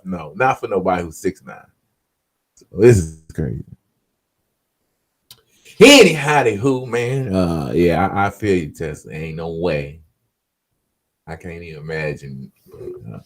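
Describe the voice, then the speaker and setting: A man's voice: fairly low pitch, sing-song, a little slow. A man hosting a casual podcast, talking in a laid-back, slangy way and answering people in the comments. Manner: closes with an upbeat pep talk. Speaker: podcast host. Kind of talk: casual talk to viewers.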